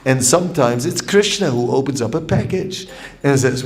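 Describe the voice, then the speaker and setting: A man giving a devotional lecture as a spiritual teacher, reflective and storytelling, with long pauses. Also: medium pitch, sing-song. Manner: storytelling with acted quotes.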